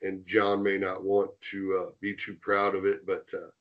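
Low-voiced man telling a rowdy story. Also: moderate pace, dull audio. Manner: animated, swears, acts out quotes. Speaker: interview guest, former wrestler. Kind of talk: casual storytelling.

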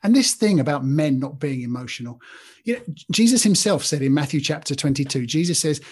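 A man's voice: a little high, animated, fairly quick, slightly rough. A man in his fifties hosting a podcast, giving an earnest, informal Christian talk and speaking straight to listeners by name. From Britain. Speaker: podcast host.

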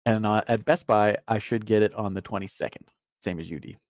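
A man's voice: lowish voice, brisk, dry recording, studio quality. A man from Canada co-hosting a gaming live stream, chatting in an easygoing way and laughing often. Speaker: podcast co-host. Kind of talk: casual live-stream chat.

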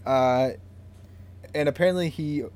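A man's voice: fairly high pitch, clear, resonant tone. A man co-hosting a casual podcast, joking around and laughing easily. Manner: joking, quick to laugh, animated. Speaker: podcast co-host.

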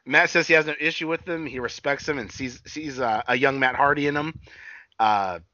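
A man hosting a casual wrestling recap podcast, excitable and profane, acting out what he saw. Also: mid-range voice, moderate pace, dry recording, dull audio. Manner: excitable, profane, acts out quotes. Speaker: podcast co-host.

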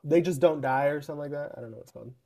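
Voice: mid-range voice, racing. A young adult co-hosting a podcast in casual chat, telling stories with lots of "like" and acting out the people in them. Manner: animated storyteller, acts out quoted people. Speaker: podcast co-host.

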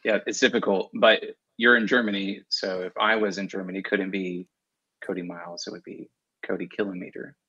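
A man's voice: sits low, little pitch movement, a little fast, bright, forceful tone, breathy edge, muffled recording. A man guest on a podcast, chatting casually with dry humor. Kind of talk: casual chat.

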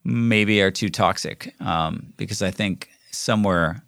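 A middle-aged man, solo on his own podcast, wanders through a casual story with lots of fillers and restarts. His voice sits on the low side, gravelly yet fairly bright, at a measured pace, with studio-quality sound and no echo.

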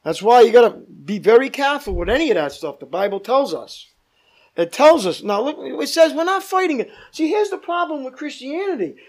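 A man's voice: very high-pitched, very animated, a little fast, darkish tone. A male pastor leading a Bible study, teaching emphatically, repeating points and asking the group questions.

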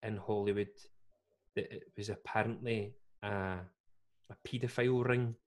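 A Scottish man with a lowish voice, co-hosting a casual podcast. He rambles and gets animated, then trails off into mumbles. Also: measured pace. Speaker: podcast co-host. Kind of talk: casual chat.

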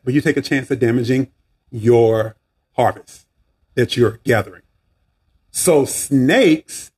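Husky Southern man preaching on a podcast. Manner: preachy, animated, swinging pitch, asides and restarts. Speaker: podcast host. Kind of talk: casual faith podcast talk.

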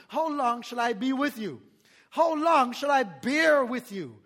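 A man preaching a sermon as pastor, animated, laughing often and calling for responses from the congregation. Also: very high-pitched, normal speed, big-room sound.

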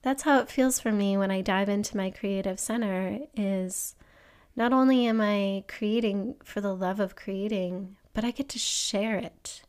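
A woman hosting a solo podcast, talking earnestly and gently encouraging listeners with questions for them to think about. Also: unhurried, smooth. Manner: acts out an excited child in a higher voice. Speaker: podcast host. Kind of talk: reflective solo podcast monologue.

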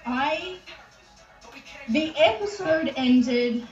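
A woman's voice: high-pitched, lively intonation, extremely slow, faint music behind. A woman in her forties chatting on a podcast, retelling a TV show in a heated, swearing way and acting out the people in it. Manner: heated, swearing, acts out quoted voices. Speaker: podcast co-host. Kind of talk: casual chat, retelling a TV show. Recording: echoey, distant, dull sound.

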